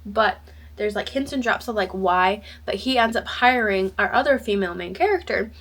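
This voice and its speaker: A woman's voice: mid-range voice, expressive, moderate pace, a bit bright. A young woman chatting casually in a book vlog, bubbly and rambling, with many fillers and restarts. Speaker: book vlogger. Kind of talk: casual chat.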